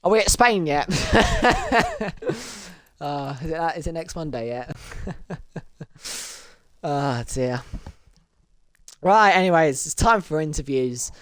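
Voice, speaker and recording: A woman hosting and commentating a sim racing event, laughing often and straining her voice from shouting. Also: takes it slowly, pauses often, no echo. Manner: excitable, laughs often, voice leaps high and loud in exciting moments. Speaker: race commentator and host.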